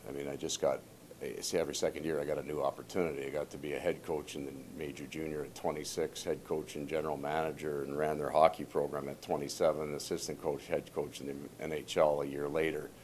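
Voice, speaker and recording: A man's voice: a bass voice, little pitch movement, fast talker, a little mellow, slight background noise. A man in his forties, a hockey coach, telling stories in a casual, rambling, self-deprecating way. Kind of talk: casual storytelling.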